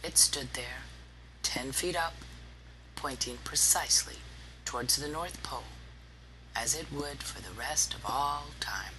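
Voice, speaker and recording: A narrator reading a story aloud in a slow, hushed, often breathy way. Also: mid-range voice, background noise.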